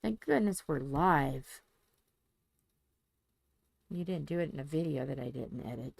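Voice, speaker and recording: A woman's voice: low-pitched, animated, measured pace, vocal fry, a little mellow, dry recording. A woman chatting casually on a home live stream, rambling and joking and swearing freely.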